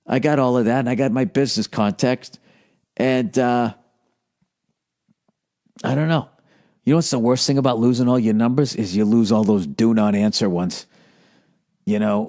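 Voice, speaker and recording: A man in his forties from the United States, hosting a podcast with a profane, animated, self-mocking comedic rant. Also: mid-range voice. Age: 40s. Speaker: podcast host.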